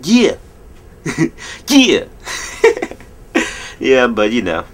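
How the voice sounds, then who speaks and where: A man in his twenties rambling jokily through a late-night vlog at home, telling stories in an animated way. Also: medium pitch, extremely slow. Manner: rambling, jokey, animated storytelling. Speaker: vlogger.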